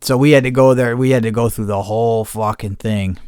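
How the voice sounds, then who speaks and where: A man's voice: mid-range voice, steady tone, a little fast, a little mellow, smooth, no echo, clean studio sound. A man hosting a podcast, telling a rambling, profane story in a casual rant and mimicking the people he dealt with. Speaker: podcast host.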